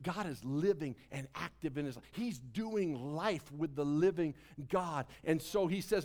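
A male pastor preaching a sermon, swinging from soft asides to loud emphasis. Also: fairly high pitch, animated, a little slow, few pauses.

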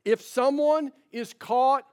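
Man in his fifties, pastor, high voice, folksy sermon. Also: slow, a little mellow, smooth. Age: 50s. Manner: folksy, conversational preaching with repeated refrains.

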